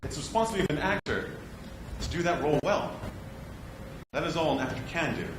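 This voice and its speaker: A man's voice: on the high side, animated, fast, natural voice. A man performing a stage monologue as an earnest young male actor, confiding and at times exasperated. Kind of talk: theatrical monologue. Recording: echoey room with background noise.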